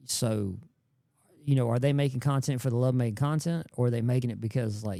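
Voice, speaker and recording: A man's voice: medium pitch, quick pace, vocal fry, mellow, dry recording, clean studio sound. A man, a YouTube creator chatting casually on a podcast, rambling and slangy and often repeating words.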